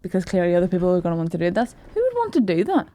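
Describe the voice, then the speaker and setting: A woman's voice: on the low side, huge pitch swings, very fast, mellow, dry recording. A woman guest on a comedy podcast, chatting casually and frankly, reacting with disbelief.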